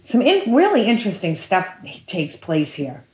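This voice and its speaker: A woman's voice: mid-range voice, normal speed. Emphatic woman preaching, echoey room. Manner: animated, emphatic storytelling with repetition. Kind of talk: sermon. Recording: roomy echo.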